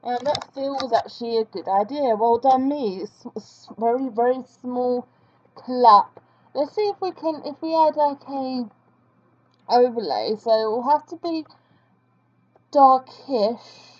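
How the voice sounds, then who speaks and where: Woman vlogger, chatty self-deprecating commentary while drawing, slightly high voice, lo-fi sound. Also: expressive, measured pace. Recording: dull lo-fi recording.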